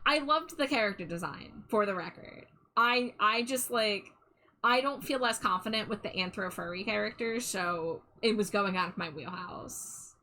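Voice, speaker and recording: A woman's voice: medium pitch, moderate pace, pushed and bright, faint music behind, rough recording. A woman streamer chatting casually and a little self-deprecatingly as she draws live, often trailing off mid-thought. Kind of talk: casual live-stream chat while drawing.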